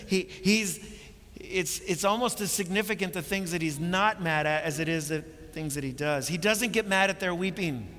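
A man preaches with an impassioned, bright, forceful voice that climbs to emphatic peaks and then falls quiet. His words ring out in a large hall with a long reverb, and faint music plays underneath. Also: a little high. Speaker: pastor. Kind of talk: sermon.

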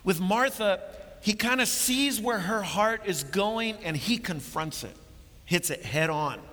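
A man's voice: high-pitched, lively intonation, a little slow, pushed and bright, long reverb tail. A man preaching a sermon, earnest and building to emphatic points, often repeating words as he goes.

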